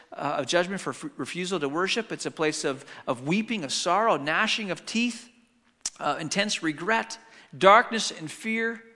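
A middle-aged man preaching a sermon, telling family stories and swinging between hushed and loud. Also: on the high side. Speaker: pastor. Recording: long hall reverb.

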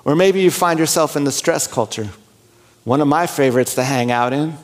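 Conversational, slightly high-voiced male pastor. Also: moderate pace. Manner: conversational, candid, acts out inner dialogue and prayers. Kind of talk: sermon.

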